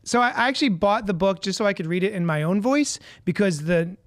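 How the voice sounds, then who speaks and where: A man's voice: high-pitched, animated, quick pace, no room sound, clean studio sound. A man co-hosting a podcast, telling stories in a jokey, self-mocking casual chat. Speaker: podcast co-host.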